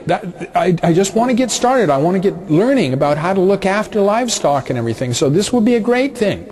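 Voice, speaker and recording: A man's voice: high-pitched, big pitch swings, fairly quick, a little mellow. A man voicing an eager, cheeky young male farmer in a told story.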